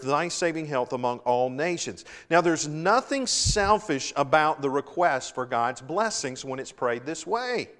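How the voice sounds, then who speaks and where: Middle-aged pastor preaching in a reverberant sanctuary. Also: male voice, on the high side, sing-song, a bit bright. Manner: earnest preaching with swells of emphasis and dramatic pauses. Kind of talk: sermon. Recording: long hall reverb.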